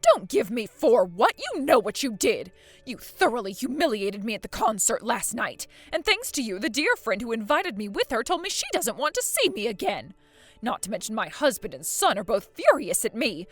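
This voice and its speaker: A woman's voice: fairly high pitch, very animated, normal speed, soft background music. A woman voicing a scheming, pompous mother-in-law in a voiced story drama, haughty and accusing. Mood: indignant. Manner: haughty, accusing, self-pitying.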